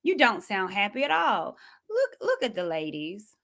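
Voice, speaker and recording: A woman's voice: mid-range voice, huge pitch swings, normal speed, fairly bright tone. A woman hosting a show, giving sassy, casual commentary and talking back to clips. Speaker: host reacting to clips.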